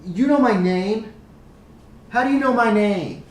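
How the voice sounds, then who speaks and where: A man voicing an irritable little girl of about eight, in a high childish voice. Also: lively intonation, measured pace. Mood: suspicious. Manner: snippy, high childish pitch. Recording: echoey room with noise.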